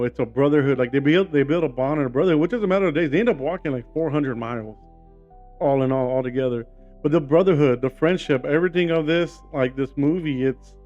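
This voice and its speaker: A man's voice: mid-range voice, a little mellow, muffled recording. Rambling, enthusiastic man reviewing a movie. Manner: enthusiastic, rambling, many "you know" and "like" fillers. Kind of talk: casual spoken movie review.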